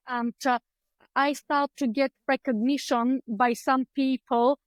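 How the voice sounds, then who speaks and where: A woman with an Eastern European accent talks on a video call from a book-filled room at home. Her voice sits high, and the sound is close and dry. She tells her story chattily, filling gaps with ums and playing out her own past thoughts. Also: steady tone, measured pace, no echo, rough recording. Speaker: guest, clinical psychologist. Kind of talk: conversational interview storytelling. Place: home room lined with books.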